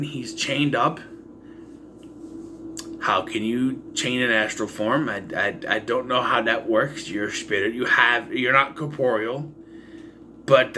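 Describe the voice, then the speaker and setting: This movie reviewer has a bright, medium-pitched voice with a forceful tone, and there's slight background noise. He reviews a horror film casually, rambling through the story with plenty of fillers and asides while dryly voicing exasperation at its holes.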